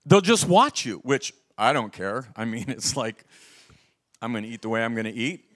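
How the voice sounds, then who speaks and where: A man's voice: medium pitch, normal speed. A middle-aged man preaching a sermon, telling stories animatedly and putting questions to his listeners. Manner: animated storytelling, asks the audience questions. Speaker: pastor.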